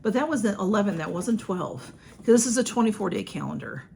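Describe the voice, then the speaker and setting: A woman's voice: mid-range voice, lively intonation, a little fast, gravelly, a little mellow, slight background noise. A woman, chatting casually through an unboxing with lots of ums and restarts. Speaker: vlogger. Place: home room with a ring light.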